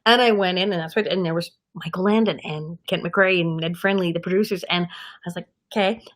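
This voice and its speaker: A woman in her fifties, a guest actress in an interview, telling stories in a lively way and acting out the people she quotes. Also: fairly low pitch, brisk. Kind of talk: anecdotal interview storytelling.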